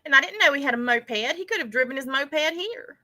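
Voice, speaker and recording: A woman's voice: high-pitched, expressive, fairly quick, bright, forceful tone. A woman delivering a sarcastic, theatrical mock-lament with exaggerated, Southern-flavored phrasing. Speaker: commentary creator.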